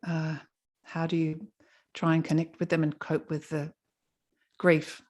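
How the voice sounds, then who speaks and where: A woman hosts a podcast, reading a listener's question in a gentle, slightly hesitant way. Her voice is very low for a woman and stays almost level in pitch. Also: little pitch movement, a little slow. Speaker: podcast host.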